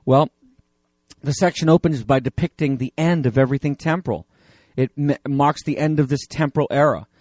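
Man, pastor, sermon, conversational, fillers and restarts, somewhat high voice, dry recording. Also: darkish tone, no room sound.

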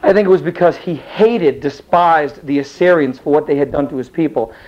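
A man's voice: on the high side, a little fast. A man teaching a Bible class in a casual, rambling storytelling style, acting out the characters as he goes. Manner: rambling, animated, acts out the characters. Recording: dull lo-fi recording.

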